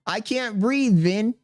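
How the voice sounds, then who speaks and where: Male streamer in his thirties, a touch high-pitched, reads chat and vents, defensive and exasperated. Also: darkish tone. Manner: exasperated, defensive venting with slang. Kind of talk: live-stream chat reading.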